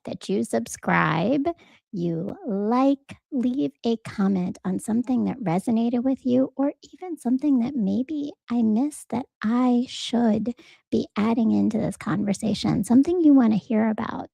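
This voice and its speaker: A woman hosts her own show in a personal, reflective monologue. Her voice is mellow and husky with a gravelly edge. The sound is dry and close. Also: a little high, dry recording. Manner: earnest, conversational, storytelling with quoted voices. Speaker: podcast host.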